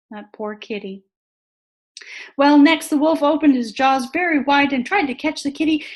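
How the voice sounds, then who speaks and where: A woman reading a children's story aloud with expressive, animated storytelling during a worship service. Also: sits high. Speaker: worship leader. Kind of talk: story read-aloud in a sermon.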